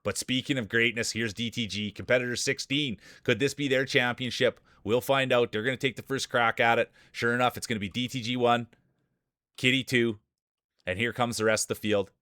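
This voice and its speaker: A man streaming live, calling a marble race in joking mock sports commentary with playful hype and teasing shout-outs to viewers. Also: medium pitch, fairly even intonation, a little fast, dry recording, studio quality.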